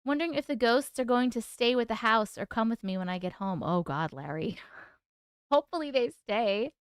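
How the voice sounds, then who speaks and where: A woman's voice: fairly high pitch, lively intonation, normal speed, clean tone, no echo, studio quality. A woman hosting a casual live stream, chatting bubbly and thanking viewers by name. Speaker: livestream host.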